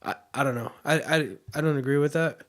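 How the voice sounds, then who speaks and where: A man's voice: a little high, fairly even intonation, brisk, fairly bright tone. A man co-hosting a casual chat, laid-back and slangy, often agreeing with his partner. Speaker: co-host.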